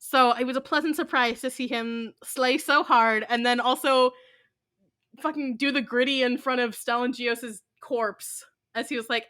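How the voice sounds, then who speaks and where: A woman's voice: on the high side, steady tone, normal speed, fairly bright tone. A woman co-hosting a podcast, joking bluntly and with emphasis in casual chat. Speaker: podcast co-host.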